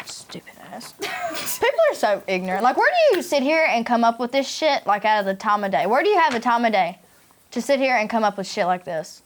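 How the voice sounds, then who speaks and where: Young tennessee woman hosting, talks real fast and brash, slangy jokes, a bit high, on a porch. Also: big pitch swings, slight background noise. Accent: Southern US, Tennessee. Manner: brash, slangy, quick joking. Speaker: podcast host. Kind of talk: casual chat. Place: outdoors on a porch.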